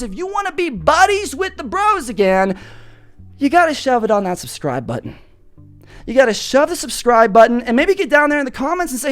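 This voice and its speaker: A man's voice: very high voice, very animated, a little fast, faint music behind. A young man from Florida hosting his own show, rambling through a profane, goofy comedic monologue full of bro slang. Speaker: podcast host.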